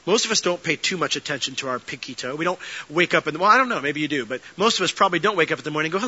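Bright-voiced man preaching a lively sermon. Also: a little high, very fast, few pauses, breathy edge, lo-fi sound. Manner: lively storytelling, drops to soft earnest tones. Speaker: pastor. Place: church sanctuary.

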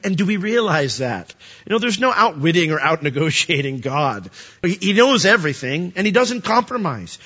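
A man preaching a sermon, animated, asking rhetorical questions and acting out dialogue. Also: a little high, normal speed, slightly rough, muffled recording. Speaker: pastor.

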